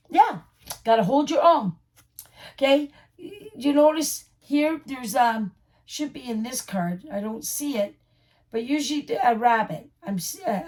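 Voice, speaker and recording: A woman's voice: high-pitched, breathy edge. A woman giving a casual tarot reading straight to the viewer, reassuring and repeating her points. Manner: reassuring, repetitive, addresses viewer directly. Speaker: tarot reader.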